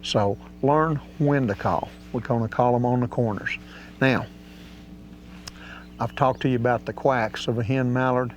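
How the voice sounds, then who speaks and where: A folksy man explains duck calling with an easy drawl and plain, casual grammar. His voice sits at an ordinary pitch. The audio is a little dull, with a faint hum underneath. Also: steady tone, unhurried. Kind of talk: outdoor hunting instruction.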